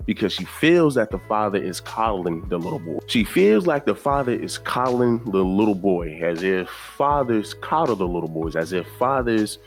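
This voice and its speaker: A man's voice: lowish voice, sing-song, moderate pace, hardly any pauses, faint music behind. A man hosting a casual reaction commentary video, opinionated and repetitive, often adding "man" to his points. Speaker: commentary YouTuber.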